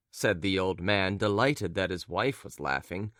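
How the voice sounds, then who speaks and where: A man narrating a classic novel as an audiobook in a low, measured storytelling voice. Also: animated, fairly bright tone, dry recording, studio quality. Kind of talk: scripted narration.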